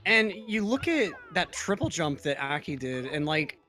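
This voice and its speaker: Higher-voiced male speedrun commentator. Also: very animated, sharp tone. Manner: friendly, reacts quickly to plays. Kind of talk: casual play-by-play commentary.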